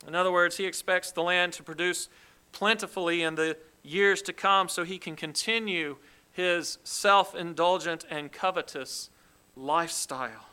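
A man preaching a sermon, explaining a scripture passage in a deliberate, emphatic way. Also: high-pitched, sharp tone, clean tone, poor audio. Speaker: pastor.

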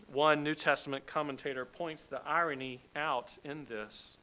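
A man's voice: fairly high pitch, steady tone, moderate pace, hardly any pauses, pushed and bright. A man preaching an expository sermon, emphatic and dramatic, acting out the quoted lines with rising force. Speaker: pastor.

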